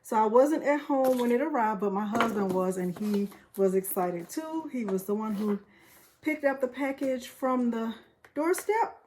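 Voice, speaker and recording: A woman hosting a craft channel vlog, chatting excitedly and getting emotional as she thanks her viewers. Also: fairly high pitch, unhurried, a little hiss or hum. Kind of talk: casual vlog chat.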